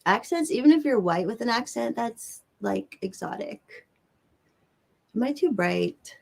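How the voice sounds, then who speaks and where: A woman's voice: fairly high pitch, lively intonation, a little slow, creaky. A woman with a Southern American accent, hosting a livestream and chatting casually with viewers in a rambling way. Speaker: livestream host. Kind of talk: casual chat answering viewers.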